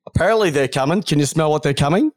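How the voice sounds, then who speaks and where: This Australian co-host's voice is on the high side and fast as he rips into football on a podcast. It's casual sports banter, mocking, blunt and ranting.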